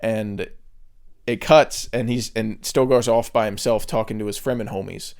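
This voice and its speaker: A man's voice: fairly low pitch, fairly even intonation, moderate pace, vocal fry, a little mellow. A man co-hosting a podcast, chatting casually and enthusiastically about a film, swearing often and using lots of fillers. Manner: loose and enthusiastic, with frequent swearing and filler words. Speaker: podcast co-host. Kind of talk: casual film review chat.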